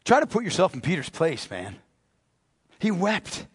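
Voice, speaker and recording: A man's voice: high voice, wildly swooping pitch, measured pace, slightly rough. A man preaching a sermon as pastor, impassioned and repetitive, often addressing the congregation as beloved. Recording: long hall reverb.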